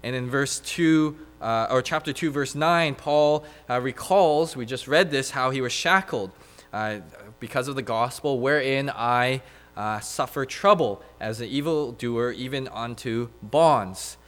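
A man's voice: medium pitch, measured pace, fairly bright tone. A man preaching a sermon, reading scripture aloud with many "uh" fillers and building to emphatic repetition.

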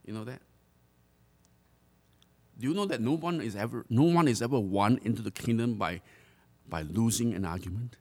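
An earnest male pastor delivering a sermon. His pitch sits in the middle range, and he draws out the words he wants to land. He sometimes stumbles and restarts a phrase as he presses his point. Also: darkish tone. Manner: earnest, drawn-out emphasis on key phrases; repeats and restarts words while preaching.

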